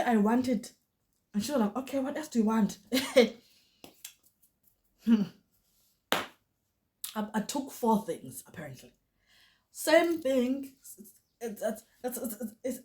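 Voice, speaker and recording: A woman's voice: on the high side, slight background noise. A young woman with a South African Xhosa accent, chatting animatedly through a storytime vlog and often dropping into Xhosa. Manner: animated, switches into Xhosa, many restarts. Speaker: vlogger. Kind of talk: casual storytime chat.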